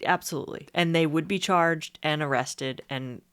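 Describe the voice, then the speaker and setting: A woman co-hosting a casual true-crime podcast chat, mostly chiming in with short replies and quick points. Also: low-pitched, fairly bright tone, clean tone. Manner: chimes in with short agreeing replies. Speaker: podcast co-host.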